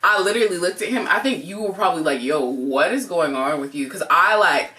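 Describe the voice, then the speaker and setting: A young woman co-hosting a couple's channel, telling a story in a casual, animated way, full of "like" and acted-out quotes. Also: fairly low pitch, fairly quick. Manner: animated, heavy use of "like", acts out quotes. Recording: voice a bit distant from mic.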